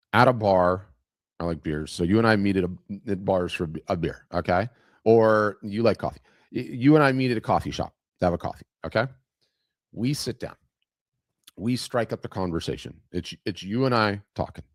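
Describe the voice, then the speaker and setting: A man's voice: on the low side, dry recording, studio quality. A man hosting an art business talk, speaking emphatically to camera, going on tangents and repeating phrases for effect. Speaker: host of an art business webinar. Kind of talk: animated motivational talk to camera.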